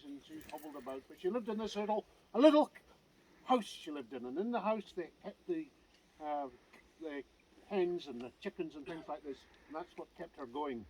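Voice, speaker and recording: A Scottish man telling a local legend outdoors in a lively, conversational way with asides to his listeners. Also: fairly high pitch, a little fast, slight background noise, low-quality recording. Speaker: clan society vice president. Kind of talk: outdoor folk storytelling. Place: outdoors by a standing stone.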